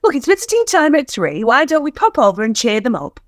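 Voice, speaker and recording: A woman's voice: sits high, very animated, brisk, slight background noise. A woman playing a blunt, matter-of-fact middle-aged neighbour in a radio sitcom.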